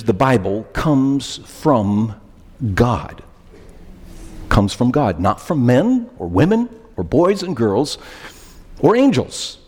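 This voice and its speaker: Male pastor, sermon delivery, lively pitch, slow deliberate pace, echoing church hall. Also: husky. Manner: animated, questioning, emphatic repetitions. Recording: long hall reverb.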